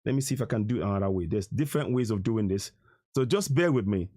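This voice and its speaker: A man's voice: fairly low pitch, expressive, fast, mellow. A Nigerian man hosting a live stream, talking earnestly and emotionally in a rambling way, with many restarts. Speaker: live stream host taking calls. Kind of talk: casual live-stream talk.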